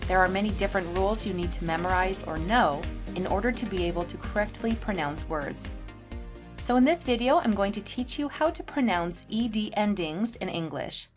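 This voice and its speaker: A woman teaching English pronunciation, saying example words slowly and clearly one at a time. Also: lowish voice. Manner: slow, deliberate enunciation of example words. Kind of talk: pronunciation lesson.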